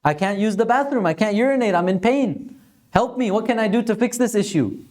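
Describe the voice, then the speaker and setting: A man's voice: on the high side, expressive, moderate pace, darkish tone, close to an everyday voice. A man putting on a sick, pleading king. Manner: pleading, lamenting. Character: sick grieving man, a ruler in his fifties.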